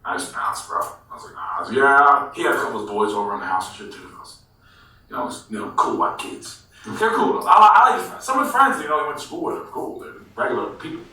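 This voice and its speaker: A man telling a story in a casual interview, animated and swearing freely, calling people bro. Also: lowish voice, quick pace. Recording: echoey room, mic far off.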